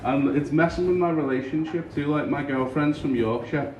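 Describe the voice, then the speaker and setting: A young man from Liverpool with a Scouse accent, doing a dry, deadpan stand-up set in a small comedy club. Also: on the high side, moderate pace, highs cut off. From Liverpool, England. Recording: roomy far-off club recording with crowd noise.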